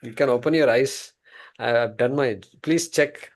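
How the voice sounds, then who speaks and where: A man's voice: mid-range voice, a little slow, pitched below the performer's own voice, close to an everyday voice. A man voicing a humble barber who protests in a flustered, deferential way.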